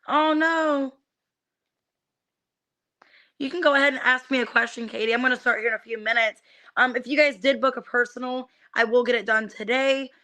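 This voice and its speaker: Bright chatty young woman reading tarot. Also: fairly high pitch, moderate pace, pauses often. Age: young adult. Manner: chatty, many fillers, greets viewers by name. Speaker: tarot reader streaming live. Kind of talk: casual live-stream chat.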